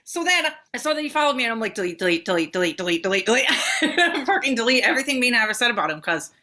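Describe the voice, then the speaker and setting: A woman co-hosts a casual podcast chat. She tells stories in a bright, fairly high voice, swears freely, and acts out the quotes of the people in them. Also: racing. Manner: animated storytelling, heavy swearing, acts out quotes. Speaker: podcast co-host.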